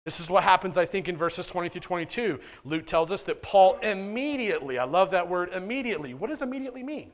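A man pastoring a church preaches fast, with few pauses, in a high-pitched voice full of lively intonation. His sermon in the sanctuary is casual and conversational, with frequent check-ins with the congregation and shifts from quiet asides to loud, emphatic points.

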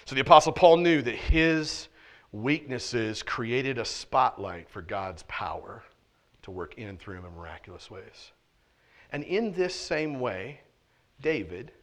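A male pastor with a medium-pitched voice preaches a sermon a little slowly, with lively intonation and a conversational, emphatic style. He often checks in with "right?" and swings between intense, loud stretches and quiet asides.

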